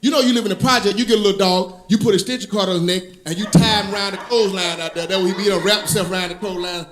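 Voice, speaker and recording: A male stand-up comedian telling stories in an animated, sing-song way, laughing at his own jokes. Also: sits high, racing, background noise. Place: comedy club stage.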